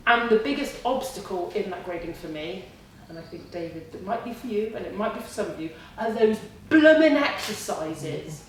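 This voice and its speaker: A woman's voice: medium pitch, expressive, normal speed, slight background noise. A woman in her forties telling a class the story of her kickboxing gradings, acting out her own inner voice and her family's lines. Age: 40s. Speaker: kickboxing student giving a talk. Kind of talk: speech to a class. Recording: distant and very echoey with faint ambience.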